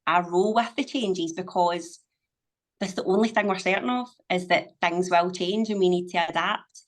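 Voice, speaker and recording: In a casual podcast conversation, a middle-aged woman who owns a business talks as a guest at normal speed with a fairly low pitch. She is emphatic and motivational and swears freely.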